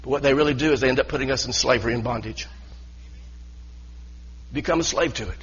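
A man's voice: medium pitch, quick pace, a bit bright, slightly rough, highs cut off. A man preaching a sermon as pastor, earnest and full of restarts and repeated words.

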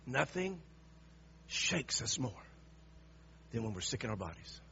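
A man preaching a sermon, dropping to hushed lines and then rising to emphatic, raised passages. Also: medium pitch, very animated, measured pace, gravelly, highs cut off, a little hiss or hum.

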